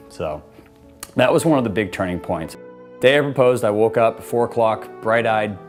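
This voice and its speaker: A man's voice: fairly low pitch, normal speed. A man casually telling how he proposed, talking loosely with lots of "like" and "you know" and quoting himself and his partner. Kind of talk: casual personal storytelling to camera. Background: soft guitar music.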